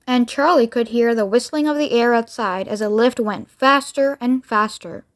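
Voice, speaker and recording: A woman reads a children's storybook aloud in a steady narrating voice. Her tone sits fairly high but calm, keeping an even pace through the story. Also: moderate pace. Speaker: reader.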